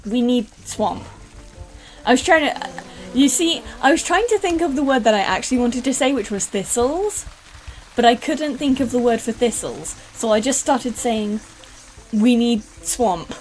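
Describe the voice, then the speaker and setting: A woman's voice: sits high, animated, moderate pace, faint music behind. A young British woman streaming a game, rambling and chatting casually with some swearing. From United Kingdom. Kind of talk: casual gaming stream chat.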